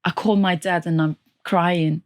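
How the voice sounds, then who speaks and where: A woman who grew up in Turkey, her accent a mix of Turkish and a bit of Birmingham. She chats easily and laughs often, and her voice sits a little low. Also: fairly even intonation, moderate pace. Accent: Turkish, mixed with a Birmingham lilt. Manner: chatty, laughing storyteller. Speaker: podcast guest. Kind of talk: casual interview chat.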